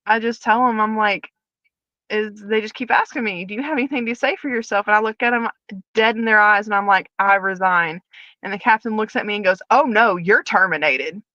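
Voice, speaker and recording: A woman's voice: mid-range voice, brisk, dry recording. Woman telling her story with a slightly dull sound. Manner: animated retelling, acting out dialogue. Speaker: guest, former prison officer. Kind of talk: candid personal storytelling.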